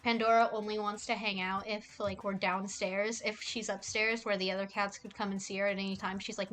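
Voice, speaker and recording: A woman's voice: medium pitch, little pitch movement, a little fast, few pauses, a bit bright. Young woman, casual stream chat, rambling, cooing at cats, faint music behind. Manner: rambling, affectionate baby talk to cats.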